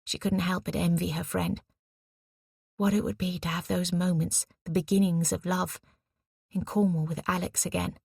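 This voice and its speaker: A woman reading a novel as narrator in a measured, even storytelling manner. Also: fairly low pitch, gravelly, husky, dry recording, studio quality. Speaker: audiobook narrator. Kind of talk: scripted narration.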